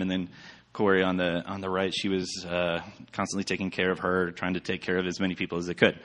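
Man, low voice, casual sermon, chatty, rambling, lots of fillers. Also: a bit bright. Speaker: church speaker.

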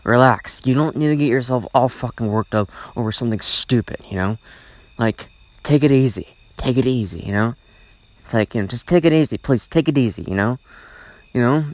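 A man's voice: mid-range voice, fairly quick, no echo. A man hosting a solo podcast, ranting in a rambling, repetitive way and swearing often. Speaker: podcast host.

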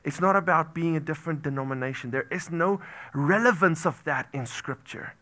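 A man preaching a sermon as pastor, animated, swinging from loud exclamations to hushed near-whispers and repeating phrases for emphasis. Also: on the high side, fairly quick.

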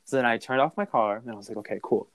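A young man telling a story in a casual, animated and profane way, with a background. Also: medium pitch, very fast, background noise.

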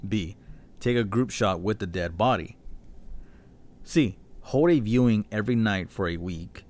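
A man's voice: fairly low pitch, measured pace, a little mellow. A man co-hosting a casual podcast, teasing, laughing often and reading quiz questions aloud. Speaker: podcast co-host. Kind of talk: casual profane chat.

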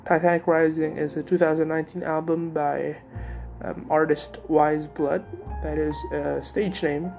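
A man's voice: on the high side, little pitch movement, a little slow, creaky, darkish tone, soft background music. A young man hosting his own podcast, talking casually and hesitantly with many fillers and restarts. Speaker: podcast host. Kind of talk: casual solo podcast talk.

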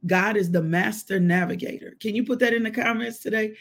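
Husky, gravelly woman leading devotion. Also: medium pitch, fairly quick. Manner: emotional and exclamatory, prays aloud with shouts of praise. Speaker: devotional host. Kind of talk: live devotional and prayer.

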